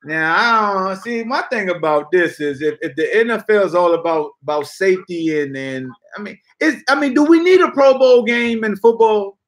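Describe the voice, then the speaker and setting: A man's voice: high-pitched, moderate pace, few pauses, fairly bright tone. A man hosting a sports podcast, ranting bluntly in casual slang. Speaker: podcast host. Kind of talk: casual sports talk rant.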